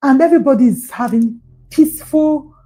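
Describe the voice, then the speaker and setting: Her warm voice sits high and moves fairly quickly as this Nigerian-accented woman speaks on a parenting livestream panel. She comes across as earnest, repeating herself with coaxing asides, and the remote-call audio is poor.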